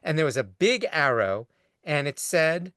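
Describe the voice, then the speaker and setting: A man's voice: a little high, big pitch swings, a little slow, fairly bright tone, no room sound, studio quality. A man, a rabbi, giving a conversational lecture over a video call, long-winded and full of restarts. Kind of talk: conversational lecture answering a question.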